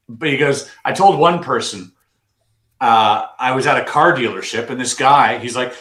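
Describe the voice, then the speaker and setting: A man co-hosting a podcast who tells a story with animated energy and acts out the quotes. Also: moderate pace. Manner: excitable, acts out quotes with big swings in pitch. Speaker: podcast co-host. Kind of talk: casual chat, animated storytelling. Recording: roomy echo.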